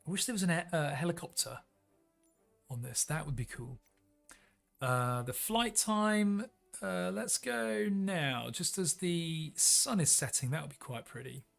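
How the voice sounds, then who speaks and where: A man's voice: fairly high pitch, animated, measured pace, creaky, a bit bright, soft background music. A man hosting a live stream, chatting casually and upbeat while flying a plane in a simulator and greeting viewers. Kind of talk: casual live-stream commentary while playing a flight sim.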